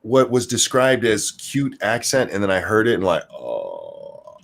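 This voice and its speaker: A man with a Southern US accent who co-hosts a podcast, ranting in casual chat, profane and quick to restart his sentences. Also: fairly low pitch. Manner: animated, profane, repeats words when starting sentences. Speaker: podcast co-host.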